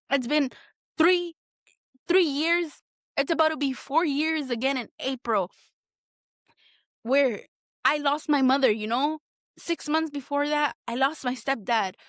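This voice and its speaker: On her solo podcast, a woman whose voice sits high vents bluntly and emotionally, swearing heavily. She keeps restarting and repeating herself while hunting for words. The recording is dry and clean, studio quality.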